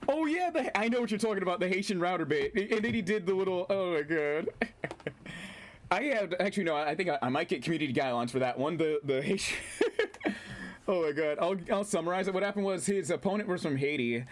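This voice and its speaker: A man casually commentating his gameplay on a stream, excitable, swearing, laughing and reading chat aloud. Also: high-pitched, a little fast, slight background noise.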